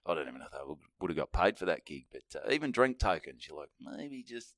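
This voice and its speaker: Lively laughing Australian man. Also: low-pitched, fast talker, no room sound, studio quality. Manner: laughing, sweary storyteller. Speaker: podcast co-host. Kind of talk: casual chat.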